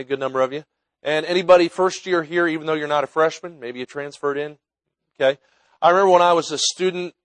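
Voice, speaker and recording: A man's voice: a little high, no room sound, rough recording. A man in his fifties from New Jersey, an evangelist preaching at a college chapel in a folksy, storytelling way, asking the audience to raise hands. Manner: folksy storytelling, chuckling warmth about friends. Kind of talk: sermon. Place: chapel with live student audience.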